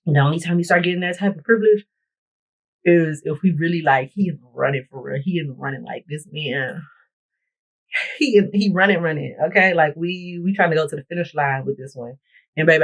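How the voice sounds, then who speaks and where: Talking fairly quickly in a low voice, a woman vlogger tells a blunt, profane storytime as she gets ready, working on her makeup and hair. The audio has its highs cut off.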